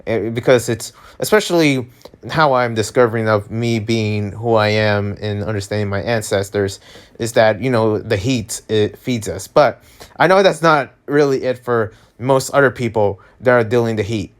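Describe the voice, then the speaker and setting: A man's voice: on the low side, normal speed, smooth. A young man talking casually in a rambling, filler-heavy vlog monologue. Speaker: vlogger.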